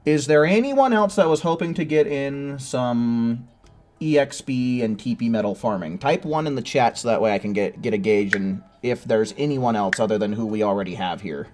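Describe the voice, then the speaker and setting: Speaking at a normal pace in a mid-range, somewhat dark voice, a man rambles to his stream audience during a gaming session. He's chatty and curses casually, breaking into goofy improvised songs as he waits around.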